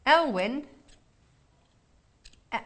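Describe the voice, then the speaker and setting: A woman's voice: high-pitched, lively intonation, drawn-out words, a bit bright. Chatty woman presenting live shopping TV. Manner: chatty, upbeat selling patter. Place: TV studio.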